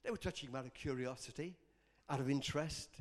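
A pastor preaches an impassioned sermon, leading call-and-response and telling personal stories. He speaks quickly at a medium pitch.

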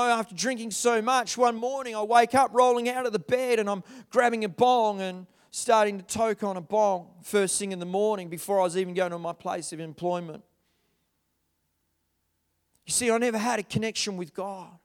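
A young man telling his life story as an earnest testimony, moving between loud, animated stretches and hushed, quiet ones. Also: high voice, normal speed, clean tone. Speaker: speaker sharing a personal testimony. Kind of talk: testimony talk.

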